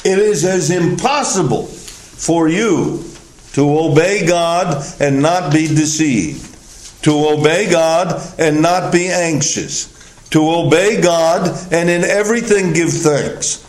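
A man preaching a sermon in a conversational way, acting out the thinking of the people in his story. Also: fairly high pitch. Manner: conversational, acts out the disciples' reasoning. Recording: echoey room, taped sermon.

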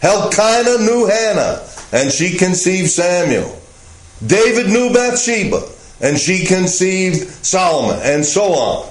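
A man teaching a Bible lesson as pastor, speaking slowly and deliberately with frequent "uh" fillers. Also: sits high, big pitch swings, reverberant, poor audio.

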